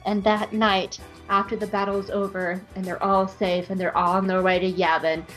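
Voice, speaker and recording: A woman's voice: medium pitch, normal speed. A young woman co-hosting a podcast, telling a comedic fan-fiction story with giggles and swearing. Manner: giggly, profane, animated storyteller. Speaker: podcast co-host. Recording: muffled podcast audio, faint music.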